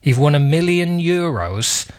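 A man's voice: fairly high pitch, expressive, unhurried, slight background noise. Playful man hosting radio. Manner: playful storytelling, teasing. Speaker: radio host. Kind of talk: casual radio chat. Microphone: studio microphone.

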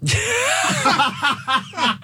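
Stammering, laughing radio host. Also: male voice, very high voice, very slow, no echo. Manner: laughing, stammering, animated retelling. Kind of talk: casual radio banter. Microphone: studio microphone.

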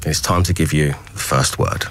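A man's voice: rumbling low, fairly even intonation, moderate pace, a bit bright, a little hiss or hum. A man hosting a radio breakfast show, chatting and joking in a teasing, playful way. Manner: jokey, teasing, laughs often. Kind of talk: casual radio banter.

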